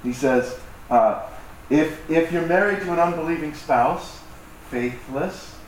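Pastor in an echoey church hall. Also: male voice, fairly high pitch, takes it slowly, far from the mic. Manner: conversational, self-deprecating, acts out voices. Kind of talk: sermon. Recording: echoey hall, mic from afar, faint noise.

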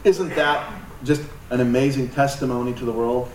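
A man's voice: mid-range voice, fairly even intonation, normal speed, darkish tone, a little hiss or hum. A man preaching a sermon as pastor, emphatic, with joking asides and laughs. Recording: echoey hall from far off, light ambience.

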